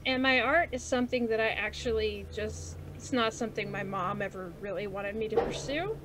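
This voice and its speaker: A woman's voice: medium pitch, fairly quick, fairly bright tone, slight background noise. A woman co-hosting a casual podcast chat, candid and self-mocking, laughing often as she talks. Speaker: podcast co-host.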